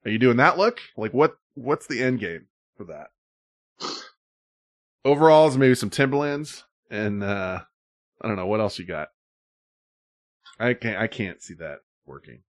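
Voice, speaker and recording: A man's voice: fairly low pitch, animated, a little slow, pauses often, dry recording, clean studio sound. A man co-hosting a stream in rambling, casual talk, swearing often, with loose asides and fillers. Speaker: stream co-host. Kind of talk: casual profane chat.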